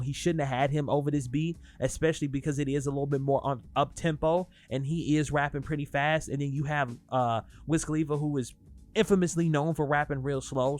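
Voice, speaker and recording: A young man talking casually in a music review vlog, animated and profane as he rants. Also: a little high. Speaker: album reviewer.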